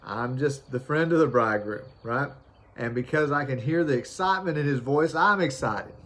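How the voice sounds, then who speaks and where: A man's voice: mid-range voice, normal speed, fairly bright tone. Man preaching an easygoing sermon. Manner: conversational, many fillers and restarts, reads scripture aloud. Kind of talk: informal sermon.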